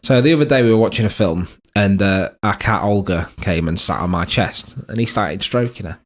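A man's voice: low voice, a little fast. A man, co-hosting a podcast and telling stories in a casual, swearing, laughing manner. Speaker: podcast co-host. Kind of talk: casual banter.

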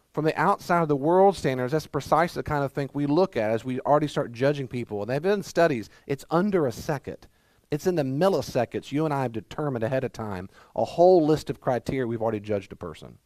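A man's voice: medium pitch, quick pace, darkish tone, no room sound. A man from Mississippi with a Southern accent, preaching a sermon as pastor, emphatic and full of rhetorical questions.

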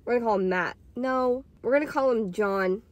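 With lo-fi sound, a woman in her twenties recounts a casual storytime tale at a moderate pace, her voice on the high side. The podcaster and vlogger rambles, filling her speech with "like."

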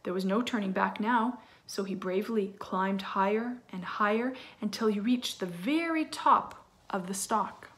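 A woman teacher reading a children's storybook aloud in an expressive way, with asides to her listeners. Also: mid-range voice, unhurried.

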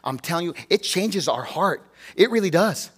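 Pastor, male, high-pitched, earnest, conversational sermon with rhetorical questions. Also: animated, normal speed, slightly rough.

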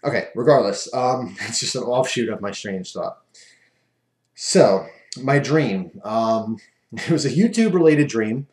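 A man's voice: medium pitch, expressive, measured pace, darkish tone. A man casually telling a rambling, self-amused story as a vlogger, recorded in an echoey room.

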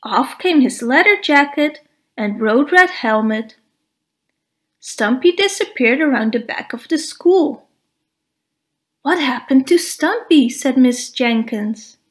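Woman, children's storybook read-aloud, high voice, slow unhurried pace, expressive. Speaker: storybook reader.

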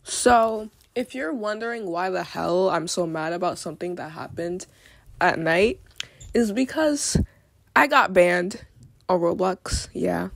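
Speaking with a lowish, fry-tinged voice at a measured pace, a teenage girl fires off an angry rant to camera with lively intonation and no echo. Her vlog is thick with swearing and repeated "like"s.

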